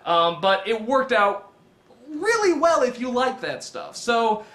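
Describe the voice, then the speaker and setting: Bright-voiced man rambling through a review. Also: very high-pitched, very animated, takes it slowly, echoey room. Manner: rambling, lots of ums, laughs often. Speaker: film reviewer. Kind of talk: casual spoken film review.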